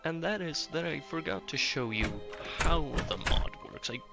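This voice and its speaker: A man's voice: fairly high pitch, expressive, moderate pace, vocal fry. A man giving casual, rambling gameplay commentary as a video host, explaining things step by step. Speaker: gaming YouTuber. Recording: loud background game music.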